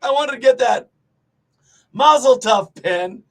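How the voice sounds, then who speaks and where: A man trading crude comic banter as a show host, excitable and swearing, often shouting. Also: extremely high pitch, takes it slowly, poor audio. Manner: loud, excitable, swears a lot, breaks into shouting.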